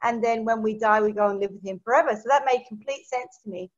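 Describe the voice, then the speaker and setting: A woman, a guest telling her personal testimony as a lively storyteller who acts out the dialogue she quotes. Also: a little high, fast talker. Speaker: interview guest. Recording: dull lo-fi recording.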